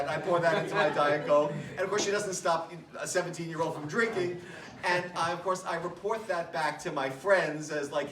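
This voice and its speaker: Picked up from a distance amid crowd noise and room echo, a middle-aged man toasts his late parent at a memorial. His voice is a little high, with fairly even intonation and normal speed, and he's chatty and self-mocking, laughing through funny stories and faltering now and then with emotion.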